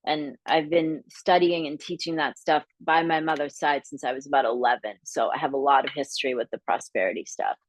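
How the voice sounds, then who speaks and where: A middle-aged woman from the area, teaching a live masterclass in a candid, lively way, acting out the voices she quotes. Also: low-pitched, brisk, few pauses, no room sound. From Boston area, Massachusetts. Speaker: business coach.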